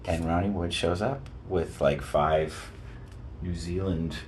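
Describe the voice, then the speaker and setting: Deep-voiced man telling road stories. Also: takes it slowly, slight background noise. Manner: animated, rambling, lots of restarts. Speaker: guest musician. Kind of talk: casual interview storytelling.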